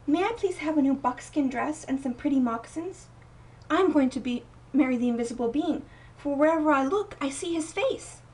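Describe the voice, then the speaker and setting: A woman voicing a gentle, humble young girl who speaks softly and politely. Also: high-pitched, normal speed, voice pushed up, lightly acted. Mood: hopeful. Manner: soft, polite and hopeful. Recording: voice a bit distant from mic.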